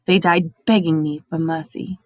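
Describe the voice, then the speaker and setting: A woman voicing a cold, cruel male dark wizard with a snarling, hissing menace, in a dry storybook reading. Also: deep voice, steady tone, normal speed, dry recording, close to an everyday voice. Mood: menacing.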